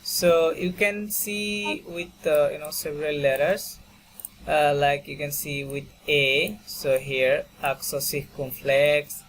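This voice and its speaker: A man's voice: on the high side, steady tone, slow pace, a bit bright, slight background noise. A man teaching French in an online class over a video call, patiently repeating words for students and filling his talk with "you know" and "okay". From Bangladesh. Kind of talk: online language lesson.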